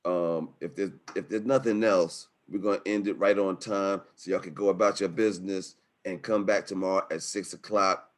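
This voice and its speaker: A man hosting a webinar from home over a video call, wrapping up with energetic, slangy, emotional talk. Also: sits low, normal speed, hardly any pauses. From New York City. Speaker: webinar host. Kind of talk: hyped-up casual webinar wrap-up. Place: home setup in Harlem.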